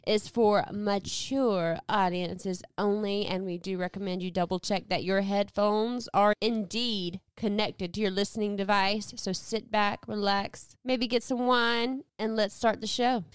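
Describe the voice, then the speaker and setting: Woman podcast host, smooth clear voice, upbeat and teasing, dry close mic. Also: medium pitch, fairly even intonation, unhurried, few pauses, no room sound. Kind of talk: casual podcast chat.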